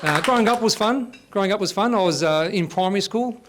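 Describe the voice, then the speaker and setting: A man's voice: sits high, brisk, a little hiss or hum. Aussie man in his fifties doing stand-up. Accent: Australian. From Australia. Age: 50s. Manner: deadpan storytelling with blokey banter. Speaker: host and stand-up comedian. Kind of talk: stand-up comedy set. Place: live comedy stage.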